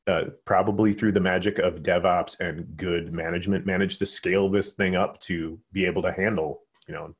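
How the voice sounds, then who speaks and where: Brief: low-voiced American male podcast host, quick and jokey, recorded over a video call. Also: fairly even intonation. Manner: quick, joking, trails into restarts. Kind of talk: casual chat. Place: home, remote call.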